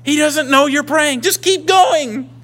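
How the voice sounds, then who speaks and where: A man voicing a male prophet who loudly taunts rival priests, laughing and shouting. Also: very high voice, unhurried, pitched above the performer's own voice, heavily acted. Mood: jeering.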